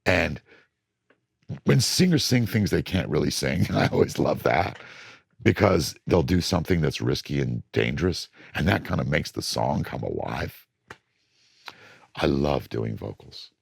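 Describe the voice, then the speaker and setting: Older male producer, very low gravelly voice, husky, lively delivery, dry close sound. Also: measured pace, no room sound. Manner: animated storytelling, acts out studio voices. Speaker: record producer. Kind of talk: casual interview talk.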